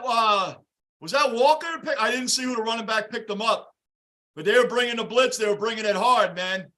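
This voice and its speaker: A man hosting a live football reaction stream, greeting chatters by name and shouting at big plays. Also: extremely high pitch, moderate pace. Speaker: livestream host reacting to a game. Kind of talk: live game reaction and fan chat.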